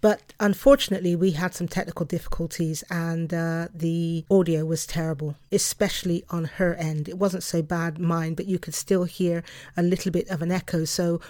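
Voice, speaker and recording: Passionate, fast-talking woman podcast host. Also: lowish voice, darkish tone, dry recording, clean studio sound. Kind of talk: solo podcast monologue.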